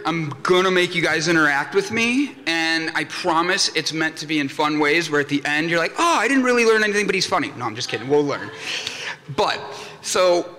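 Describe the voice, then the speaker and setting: A man's voice: on the high side, pushed and bright. A young man giving a comedic conference talk, telling anecdotes and acting out the voices in them. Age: young adult. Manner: jokey storyteller, acts out voices in anecdotes. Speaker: conference speaker. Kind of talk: comedic keynote talk to a live audience. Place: conference hall. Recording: long hall reverb from a conference room.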